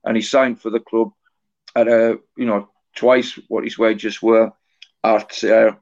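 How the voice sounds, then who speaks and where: Middle-aged man telling halting anecdotes. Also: lowish voice, little pitch movement, a little mellow. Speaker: author and interview guest. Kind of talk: casual podcast interview. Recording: dull lo-fi podcast audio.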